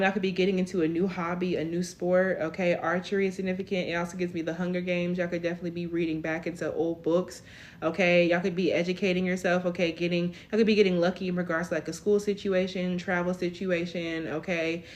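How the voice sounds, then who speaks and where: A woman's voice: lowish voice, little pitch movement, quick pace. A woman in her twenties giving a casual live tarot reading, chatty, tagging almost every line with "okay?". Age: 20s. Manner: chatty, tags lines with "okay?". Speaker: tarot reader.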